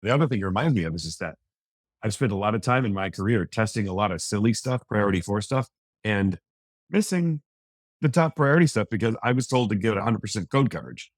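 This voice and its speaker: A man's voice: on the low side, animated, quick pace, no room sound, clean studio sound. A man on a panel discussion telling anecdotes from his work. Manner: anecdotal, storytelling.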